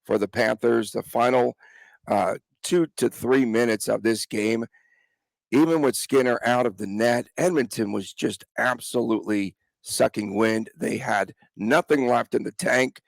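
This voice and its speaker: Gravelly man hosting a sports podcast. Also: medium pitch, unhurried, no room sound. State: has a cold. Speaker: podcast host. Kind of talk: casual sports podcast chat.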